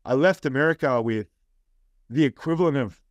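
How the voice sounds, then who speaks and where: A man's voice: medium pitch, a little fast, no echo, muffled recording. Chatty Australian man telling stories. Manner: animated anecdotes with "right?" and "I'm like". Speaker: interview guest. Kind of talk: casual storytelling.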